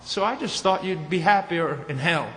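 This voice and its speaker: A man preaching at a conference, emphatic, ranging from low, quiet statements to shouted points. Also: moderate pace. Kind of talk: conference sermon. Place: large conference hall. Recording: echoey hall with faint noise.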